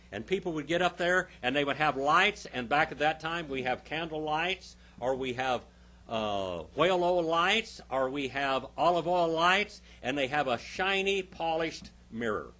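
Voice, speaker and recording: A man's voice: mid-range voice, sharp tone. A male pastor teaching a Bible class, emphatic, stopping often to quiz his listeners with questions.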